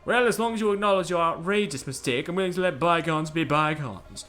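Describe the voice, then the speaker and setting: Guy doing a stuck-up fancy gent, bright and bouncy, game music faint behind. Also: on the high side, brisk, voice pushed up. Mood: pompous. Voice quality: haughty, self-admiring. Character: pompous dandy gentleman, adult man.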